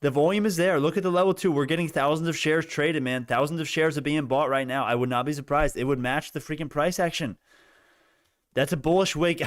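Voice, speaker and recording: A young man giving animated live commentary on stock prices, laughing and repeating himself, his voice worn out. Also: on the high side, no echo, studio quality. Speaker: stock market streamer. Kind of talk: excited live market commentary.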